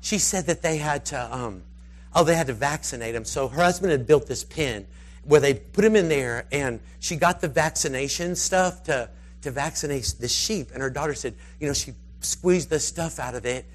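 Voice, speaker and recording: A man preaching, telling a rambling, animated story and slipping into the voices of its characters. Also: on the high side, normal speed, slight background noise. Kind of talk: storytelling sermon.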